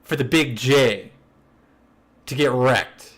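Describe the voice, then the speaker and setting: A man's voice: medium pitch, takes it slowly, slightly rough. A young man casually telling a prank story as a podcast co-host, acting out what his coworkers said. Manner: animated, acts out quotes of coworkers; laughs while telling the story.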